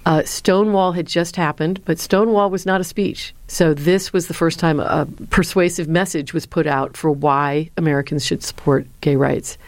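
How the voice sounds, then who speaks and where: A middle-aged woman, a former speechwriter and lecturer, answering interview questions with earnest, lively storytelling. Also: low voice, normal speed, few pauses, dry recording. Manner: earnest, lively storyteller who acts out quotes.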